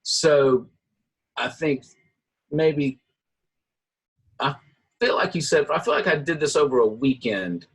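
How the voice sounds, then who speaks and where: A man's voice: a little high, slow pace, long pauses, breathy edge, low-quality recording. A middle-aged man, a guitarist, telling stories casually in an interview, acting out the voices of the people he quotes. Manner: animated storyteller, acts out quoted voices. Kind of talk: casual storytelling.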